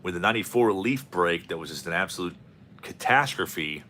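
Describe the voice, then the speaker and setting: Lively, joking man opening card packs. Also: low voice, moderate pace, slight background noise. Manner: rambling and jokey, calling out player names. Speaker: host of a card-opening channel. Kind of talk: casual commentary while opening packs.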